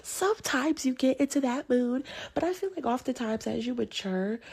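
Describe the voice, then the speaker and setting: A young woman talks casually from her bed while she is sick, her voice husky and gravelly. Her tone is dark and mellow, and she rambles along, now and then sinking to a whisper. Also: sits high, expressive, normal speed. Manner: chatty and meandering, drops into whispers. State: sick, rough voice. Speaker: vlogger. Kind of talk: casual talk to camera. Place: bedroom, lying in bed.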